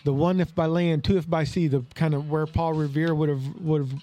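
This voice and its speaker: A man's voice: on the high side, steady tone, fairly quick, warm tone. A man with an Oklahoma accent, co-hosting a podcast in casual, folksy chat and telling stories eagerly. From Tulsa, Oklahoma. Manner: chatty storyteller, eager and folksy. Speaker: podcast co-host.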